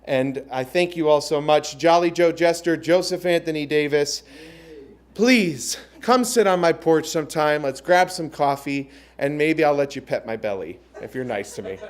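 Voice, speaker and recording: A man in his twenties signing off from a stand-up set at an open mic, goofy and joking. His voice sits a bit higher than most men's. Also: normal speed. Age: 20s. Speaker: comedian.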